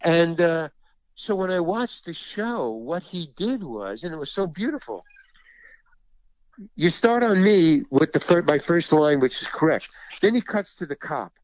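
A man's voice: a little high, sing-song, unhurried, no echo, highs cut off. A man who is an actor and stand-up comedian, telling an anecdote in an interview and acting out other people's lines.

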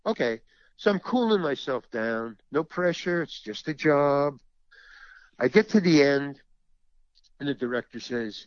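A man's voice: on the high side, expressive, measured pace, long pauses, clean tone, no echo, dull audio. A man who is an actor and stand-up comedian, telling an anecdote in an interview and acting out other people's lines.

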